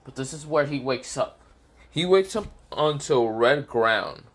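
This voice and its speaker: A man's voice: medium pitch, lively intonation, measured pace. A man casually narrating an improvised fan story, rambling with fillers and self-corrections.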